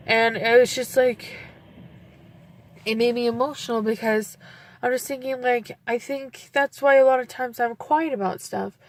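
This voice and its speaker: A woman's voice: mid-range voice, dry recording. A young woman talking in a personal vlog, rambling with many fillers and close to tears. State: teary, near crying. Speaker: vlogger.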